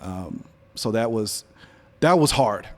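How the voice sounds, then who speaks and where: A man's voice: fairly low pitch, takes it slowly. Man telling stories on stage. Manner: storytelling, animated when quoting others. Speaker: guest speaker, business leader. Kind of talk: live on-stage interview. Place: event venue before an audience.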